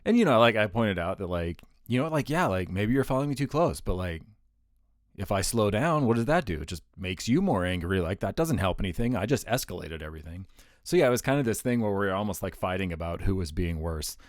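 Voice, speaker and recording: Male vlogger, lowish voice, dry close sound, rambling self-deprecating storyteller. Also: animated, fast, no room sound. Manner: rambling, full of fillers and self-deprecating laughs. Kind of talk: casual storytelling monologue.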